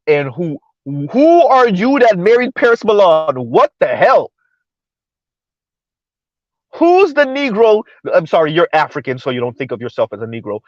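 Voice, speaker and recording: A man hosting a live-stream commentary show, talking in an animated, incredulous way, repeating words and restarting sentences. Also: on the high side, normal speed, hardly any pauses, dry recording, dull audio.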